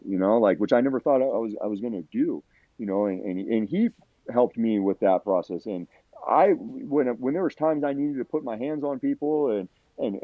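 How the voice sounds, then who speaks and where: A middle-aged man, a podcast guest, tells a personal story in a casual chat, rambling, restarting often and saying "you know." His voice is medium-pitched, and the dry recording sounds tinny, like a phone line, with no echo.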